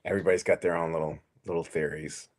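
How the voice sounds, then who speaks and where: A man's voice: sits low, fairly even intonation, fast talker. A man in his forties co-hosting a podcast in casual chat, laid-back, laughing often and swearing casually. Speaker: podcast co-host.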